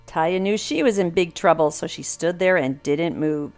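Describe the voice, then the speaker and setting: A woman's voice: on the low side, moderate pace, faint music behind. Older woman reading a children's story. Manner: animated, expressive read-aloud. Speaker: storybook narrator. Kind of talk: children's story read-aloud.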